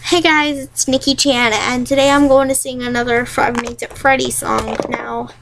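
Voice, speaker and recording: Girl copying a sweet high singing vlogger. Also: fairly even intonation, moderate pace, vocal fry, noisy background. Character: sweet female singing YouTuber.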